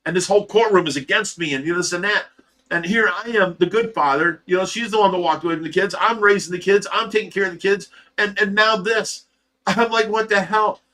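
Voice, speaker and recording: A middle-aged man from Ohio talks on a casual livestream, with a rather high voice and a bright, forceful edge. He tells his story in a candid, rambling way, often restarting his sentences. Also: a little fast. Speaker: livestream host.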